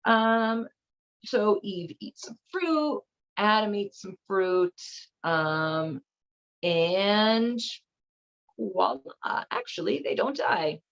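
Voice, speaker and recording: A woman's voice: medium pitch, animated, extremely slow. A woman hosting a show, talking in a chatty, irreverent way with lots of fillers. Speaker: host. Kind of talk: casual commentary. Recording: slightly dull lo-fi audio.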